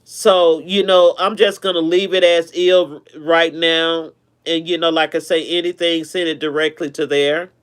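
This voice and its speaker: A man with a fairly high, smooth and clear voice hosts a relaxed live stream. He chats warmly with his viewers and tends to repeat himself as he goes. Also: unhurried. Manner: chatty, affectionate, repeats himself.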